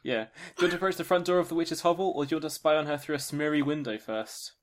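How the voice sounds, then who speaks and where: A man's voice: a little high, rapid-fire. A man narrating a tabletop role-playing game as game master, joking and laughing often.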